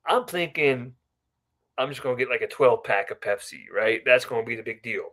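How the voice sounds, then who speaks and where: A man's voice: mid-range voice, expressive, a little fast, sharp tone. A man, a podcast guest, telling a personal story in a casual, rambling way, often checking in with a "right?". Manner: often ends remarks with a questioning "right?"; chatty, rambling with asides.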